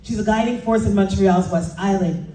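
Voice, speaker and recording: Casting note: woman emcee, mellow voice, introducing an honoree from a distant mic in a reverberant hall. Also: medium pitch, moderate pace. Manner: reads credentials, urges applause. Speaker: event presenter. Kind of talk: introducing an award recipient. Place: event hall. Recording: echoey hall, distant mic, faint ambience.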